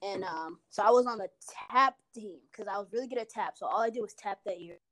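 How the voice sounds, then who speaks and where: A woman's voice: mid-range voice, quick pace, a bit bright. A young woman in casual chat, telling a personal story frankly, with plenty of swearing and filler words. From Minnesota.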